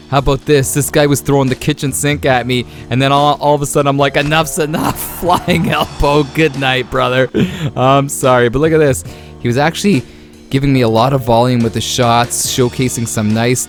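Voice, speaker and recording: A man narrates his own game highlights with excitable energy, laughing often and tossing out playful trash talk. His voice sits in an ordinary middle pitch. Soft music plays faintly beneath him. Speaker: gaming YouTuber. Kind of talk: video game highlight commentary.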